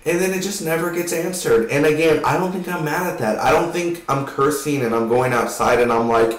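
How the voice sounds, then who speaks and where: A man giving a rambling, casual spoken film review, swearing now and then and acting out scenes in quick voices. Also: on the high side, reverberant, far from the mic, rough recording.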